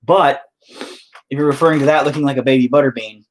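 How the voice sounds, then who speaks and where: A man's voice: medium pitch, fairly even intonation, brisk, background noise. Foul-mouthed rambling man. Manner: profane, self-mocking, rambling. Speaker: livestreaming painter reading chat. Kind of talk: casual rambling stream chat.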